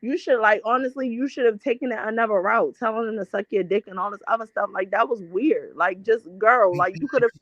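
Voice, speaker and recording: Give me a blunt, profane woman hosting a celebrity gossip show. Her voice sits a bit high, and she keeps restarting her sentences. The sound is dull, dry and lo-fi. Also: brisk, few pauses, a bit bright, dry recording. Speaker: host. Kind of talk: casual celebrity gossip chat.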